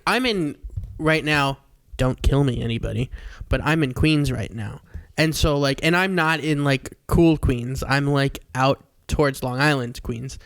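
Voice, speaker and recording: A young man on a podcast who cracks dry, playful jokes from home. His voice sits a little high and sounds close and dry, with no room echo. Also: fairly bright tone, smooth. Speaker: podcast co-host. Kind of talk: casual chat. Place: home in Queens.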